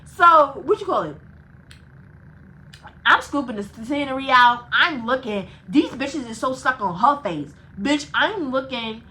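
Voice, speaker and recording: A young woman spins a casual storytime vlog with a bright, forward voice that sits a little above the usual pitch. She talks in an animated, profane run, breaking into laughs between phrases. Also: measured pace, slight background noise, poor audio. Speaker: vlogger.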